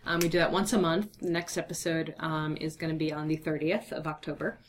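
A young woman, interviewed as a guest, answers briskly in a low, flat voice. She stays chatty and upbeat with frequent fillers, yet her speech is tired and somewhat slurred from a day of nonstop talking.

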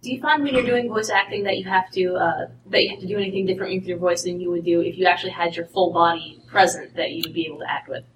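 A woman's voice: fairly low pitch, steady tone, fast, hardly any pauses, highs cut off, slight background noise. A woman interviewing a guest, phrasing her questions with curiosity. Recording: roomy, distant mic.

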